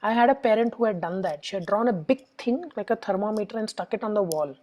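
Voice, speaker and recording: In a quick, mid-range, darkish voice, a middle-aged woman with an Indian English accent explains emotions to parents step by step, a psychologist giving a lecture with examples in which she plays clients and children. The audio is rough.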